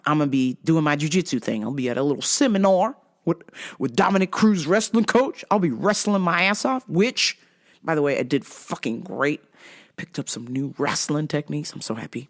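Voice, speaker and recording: A woman hosting a podcast, telling a comic story in a profane, exasperated way and laughing at herself. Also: low voice. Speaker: podcast host. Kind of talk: comedic storytelling.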